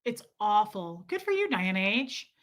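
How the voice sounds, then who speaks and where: A woman's voice: mid-range voice, a little slow. A young woman livestreaming, telling a story in casual chat and acting out what people said, often breaking into laughter. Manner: animated, acts out quotes with laughs.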